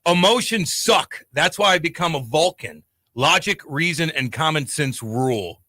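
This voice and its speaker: A man co-hosting a sports radio show from a studio, joking around and reading listener comments with animated delivery. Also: on the high side, measured pace, no echo. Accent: St. Louis. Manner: animated, jokey, reads listener comments aloud. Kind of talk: casual sports radio banter. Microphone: studio mic.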